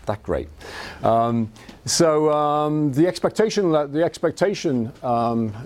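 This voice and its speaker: A man's voice: medium pitch, darkish tone. A middle-aged man with a Scouse accent giving an evening talk to an audience, telling life stories in a self-deprecating way with frequent restarts. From Liverpool, England. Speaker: invited speaker.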